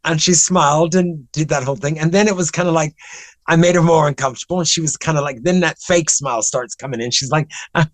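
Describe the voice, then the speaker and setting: A man's voice: on the high side, quick pace, no room sound, rough recording. A man in his seventies, a guest in an interview, telling long anecdotes in a chatty, rambling way full of restarts. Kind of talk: animated anecdotal storytelling.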